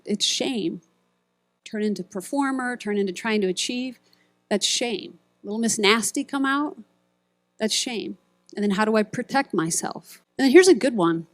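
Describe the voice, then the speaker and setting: A woman's voice: medium pitch, no echo. A middle-aged woman giving a sermon at a retreat, telling stories and acting out quoted voices and buzzer sounds. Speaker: speaker at a ministry retreat.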